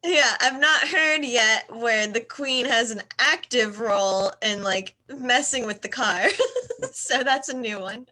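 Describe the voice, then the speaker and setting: Brief: woman host on a video call, bright, higher voice, giggly. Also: a little slow. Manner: giggly, laughs often. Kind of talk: casual video-call chat.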